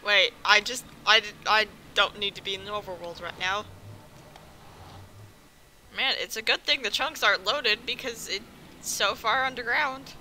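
Bright-voiced young woman streamer. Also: medium pitch, normal speed, a little hiss or hum, low-quality recording. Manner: playful teasing. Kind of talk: casual chat while gaming.

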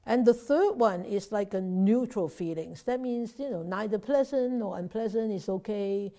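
A Buddhist nun leads an informal Dharma class by video call, speaking conversationally, often restarting and repeating words and checking in with her listeners. Her voice is mid-range and mellow, at a normal speed.

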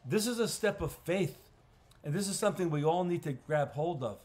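A man, a pastor, teaching a Bible study in a conversational way, clearing his throat often and restarting phrases. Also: fairly high pitch, animated, brisk, darkish tone. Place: church. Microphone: livestream recording.

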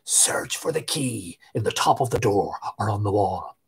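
A man voicing a talking corpse in a slow, hushed, low voice. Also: lively intonation, husky, heavily acted. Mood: eerie. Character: eerie talking male corpse, slow and hollow.

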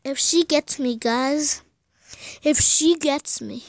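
High-voiced young woman, hushed and scared. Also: slow, no echo, studio quality. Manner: scared, pleading, often dropping to a whisper. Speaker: gamer. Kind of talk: horror game commentary. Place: bedroom at home.

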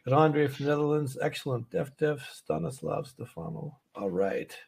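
A man's voice: a little high, animated, moderate pace, vocal fry, a little mellow, slight background noise. A man from Canada hosting a casual trading livestream from an office, chatty and easygoing as he walks through charts. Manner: chatty, easygoing, laughs often.

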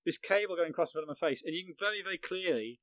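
A man's voice: sits high, expressive, racing, a bit bright, no echo, poor audio. Dry-voiced man telling a vivid story. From England. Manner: vivid, self-mocking, laughs at own story. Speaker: football journalist, guest. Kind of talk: anecdotal storytelling on a podcast.

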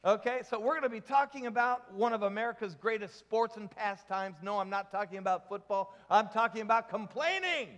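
High-voiced male pastor in a reverberant hall. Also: fairly even intonation, fairly quick, hardly any pauses, fairly bright tone. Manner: jokey, asks the congregation questions. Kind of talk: sermon.

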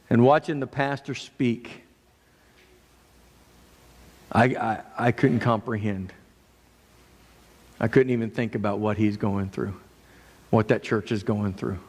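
A man preaching a sermon as pastor, earnest, moving between raised and hushed delivery. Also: mid-range voice. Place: church sanctuary. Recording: long church reverb.

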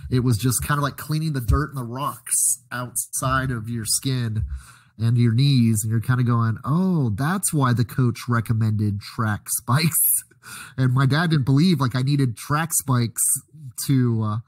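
A man co-hosting a podcast, telling a relaxed, easygoing anecdote. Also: medium pitch, measured pace, no room sound. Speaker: podcast co-host. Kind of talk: casual chat.

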